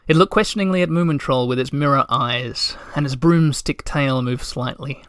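A man reading a children's storybook aloud in a gentle, measured way. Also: mid-range voice, clear, resonant tone, no echo, clean studio sound. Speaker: narrator.

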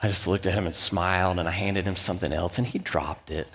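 A man's voice: deep voice, steady tone, fairly quick, long reverb tail, very noisy. A man in his thirties, a pastor, preaching a sermon as a candid, self-deprecating personal story.

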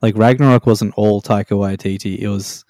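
A man with a fairly low, mellow voice chats in a laid-back, opinionated way and uses many fillers. The sound is dry, with no room echo. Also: fairly even intonation, moderate pace. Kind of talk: casual chat.

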